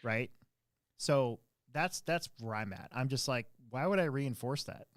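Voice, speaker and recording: A man's voice: mid-range voice, a little slow, dry recording, clean studio sound. A man hosting a podcast, telling a story in casual chat and acting out quotes in a raised voice. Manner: animated, acts out quotes in a raised voice. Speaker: podcast host.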